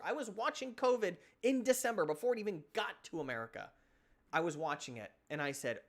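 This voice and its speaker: A young man streaming live, venting in a heated, exasperated rant full of rapid-fire questions. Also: high voice, expressive.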